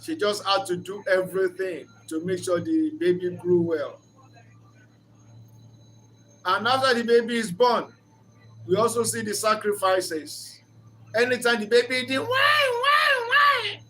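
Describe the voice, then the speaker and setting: Earnest man with a bright, high voice. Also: unhurried, pauses often, slight background noise. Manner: earnest, storytelling, preacher-like. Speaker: speaker of a reflection channel. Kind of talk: reflective talk on marriage.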